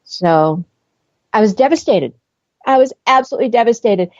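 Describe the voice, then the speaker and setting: A woman's voice: fairly high pitch, expressive, normal speed, dry recording, muffled recording. A woman host telling a personal story with animation, acting out dialogue and laughing often. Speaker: podcast host.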